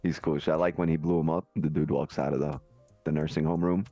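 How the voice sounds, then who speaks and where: A man's voice: very deep voice, little pitch movement, a little fast, dark tone, no room sound, faint music behind. A man hosting a livestream, chatting casually and laid-back, acting out quotes and swearing freely. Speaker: livestream host, trader. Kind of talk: casual group chat. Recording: muffled stream audio.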